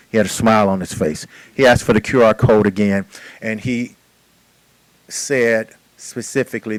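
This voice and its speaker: Low-voiced man telling a chaplaincy story. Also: dry recording, low-quality recording. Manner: plainspoken, conversational anecdote. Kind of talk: conference presentation storytelling.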